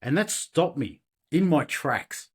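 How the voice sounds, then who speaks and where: A man's voice: fairly high pitch, lively intonation, slow pace, husky. Candid man telling his story. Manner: candid, rambling, with many restarts and acted quotes. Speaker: podcast guest. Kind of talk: personal storytelling in an interview.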